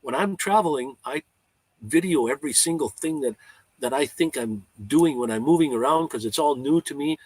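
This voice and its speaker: Husky-voiced man rambling in a live chat. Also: a little high, moderate pace, a little mellow, dry recording, low-quality recording. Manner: rambling and heartfelt, with many restarts and stammers. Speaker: vlogger hosting a live chat. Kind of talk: casual live-stream chat.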